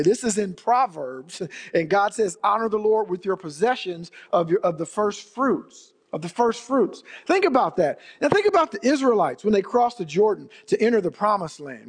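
A man preaching a sermon as pastor, emphatic and repeating his key phrases for weight. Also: sits high. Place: church sanctuary. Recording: long reverb of a large hall.

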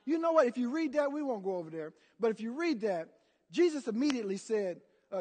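A man's voice: extremely high pitch, animated, a little fast, big-room sound. A man preaching a sermon as pastor, emphatic and calling out to the congregation for answers. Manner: emphatic, call-and-response preaching.

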